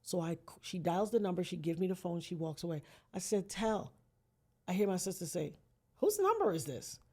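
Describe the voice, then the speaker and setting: A woman's voice: on the low side, steady tone, quick pace. A woman, a podcast guest, telling a dramatic personal story and acting out the voices of others. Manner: dramatic, acts out quoted voices, swings from hushed to near-shouting. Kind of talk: emotional storytelling.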